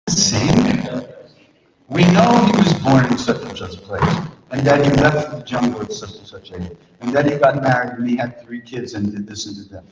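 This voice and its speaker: A man in his sixties leading a retreat workshop, telling stories in a relaxed, chuckling, conversational way. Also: mid-range voice. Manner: conversational, chuckling, says "you know" often. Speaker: spiritual teacher leading a workshop. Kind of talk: storytelling workshop talk. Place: large retreat hall. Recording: echoey hall, distant dull mic, faint noise.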